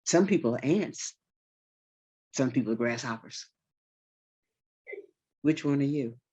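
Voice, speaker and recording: A woman voicing her calm, wise old grandmother, who patiently teaches the children a lesson. The grandmother speaks slowly and gently. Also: a bass voice, slightly rough, heavily acted. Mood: calm, teaching. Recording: slightly dull recording.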